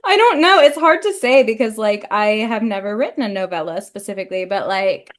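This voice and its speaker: With a medium-pitched, expressive voice, the young woman speaks briskly while co-hosting a book podcast. She's talkative, laughs frequently, and leans heavily on the word "like."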